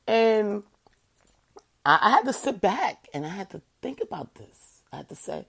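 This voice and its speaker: An online show host talks earnestly and from the heart to her viewers, saying "you know" over and over with emphasis. Her mid-range voice is husky and sing-song, at a normal pace.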